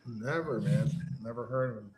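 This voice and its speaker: A man's voice: mid-range voice, normal speed, echoey room, a crowd in the background, low-quality recording. A man chatting casually, easygoing and agreeable, often affirming what others say. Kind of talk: casual chat.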